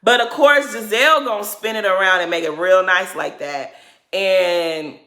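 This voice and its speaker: A woman's voice: normal speed, sharp tone, roomy sound. A woman giving a casual reality TV recap, sassy, blunt and profane. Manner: sassy, blunt and profane, mimics others in high exaggerated voices.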